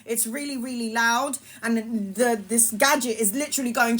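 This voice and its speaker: A woman's voice: on the high side, normal speed, few pauses, a little hiss or hum. A woman telling a wild personal story in casual, swear-filled streamer style. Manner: animated, swearing, laughing anecdote. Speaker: tarot reader, streamer.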